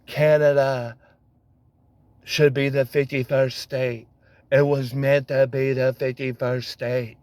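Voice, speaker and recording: A man briefly mimicking a boastful older male politician, making flat, repeated declarations. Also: mid-range voice, slow pace, no room sound, close to an everyday voice. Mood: dismissive.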